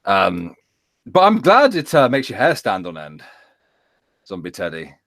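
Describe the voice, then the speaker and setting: Animated man co-hosting, dry sound. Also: lowish voice, measured pace, no echo. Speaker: co-host. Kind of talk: casual chat.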